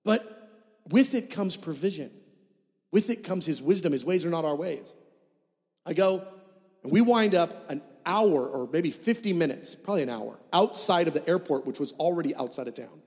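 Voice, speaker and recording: A man preaching a sermon, telling a personal story in an animated, conversational way and acting out the dialogue. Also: on the high side, normal speed. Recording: hall with long reverb.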